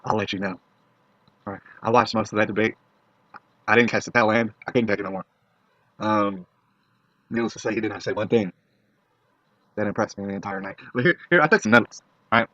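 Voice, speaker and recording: A young man with a lowish voice delivers a blunt, profane opinion rant straight to his viewers, punctuating points with questions to them. The recording is dry and somewhat dull, with a lo-fi feel. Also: brisk, pauses often, bright, forceful tone, no room sound. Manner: blunt, profane, keeps asking "all right?". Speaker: vlogger. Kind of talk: ranting opinion monologue to camera.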